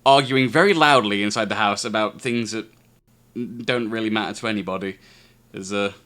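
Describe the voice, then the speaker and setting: Stammering game master, bright voice. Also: male voice, fairly low pitch, a little fast. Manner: stammering, chuckling, frequent restarts. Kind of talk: narrating a tabletop game.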